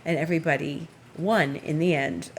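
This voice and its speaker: A woman's voice: deep voice, animated, normal speed, slightly rough. A woman host telling a story in a casual, amused way, chatting at home. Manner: chatty, amused, acts out others' lines in raised voice. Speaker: astrologer and Reiki practitioner, show host.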